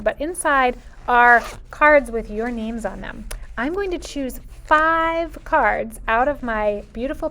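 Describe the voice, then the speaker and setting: A woman's voice: sits high, a bit bright. A woman teaching a Spanish lesson to preschool children in a sing-song, patient teacher voice, drawing out her phrases. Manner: slow, clear and patient. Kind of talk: video lesson for young children.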